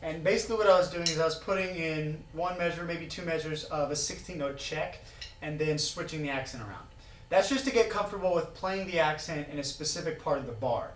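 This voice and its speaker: A man's voice: a little high, a little fast, slight background noise. Man counting drum beats in echoey room. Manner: counts beats aloud, relaxed and plainspoken. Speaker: drum teacher. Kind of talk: casual instructional talk. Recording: roomy, distant mic with drumming.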